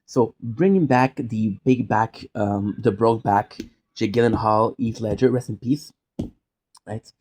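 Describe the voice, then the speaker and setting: A man's voice: lowish voice, unhurried, darkish tone. A man from Quebec, chatting casually and jokingly, drifting off on side tangents as a streamer. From Quebec, Canada. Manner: rambling, jokey, goes off on side tangents. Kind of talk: casual rambling monologue.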